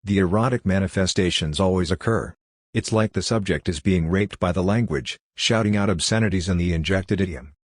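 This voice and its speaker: A man's voice: low voice, brisk, no room sound, clean studio sound. A man reading the lines of a young male doctor who lectures in a matter-of-fact way. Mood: lecturing.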